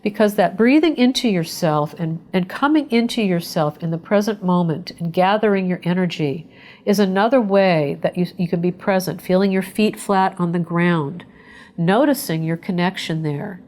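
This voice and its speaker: A woman psychotherapist leading a webinar, talking in a gentle, conversational way and guiding listeners through a mindfulness exercise. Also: fairly low pitch, moderate pace. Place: indoors, remote webinar.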